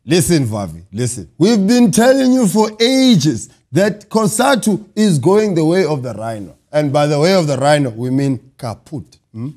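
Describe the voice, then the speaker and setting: A young South African man hosts satirical news in a high, lively voice that swoops up and down. His tone is mellow and warm, and his delivery is mocking and teasing, full of playful asides. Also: normal speed, hardly any pauses. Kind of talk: comedic news monologue.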